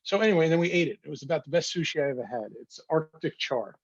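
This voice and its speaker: A photographer with a slightly rough, husky voice, chatting casually through a slideshow of his pictures. He tells wry little anecdotes with a mid-range pitch. The sound is muffled and dry, close and dull. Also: animated, very fast, dry recording. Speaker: photographer presenting his work.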